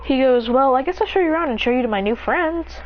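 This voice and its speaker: A woman narrating an improvised story in a rambling, breathless way, jumping up in pitch to voice the characters. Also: expressive, fast talker, muffled recording.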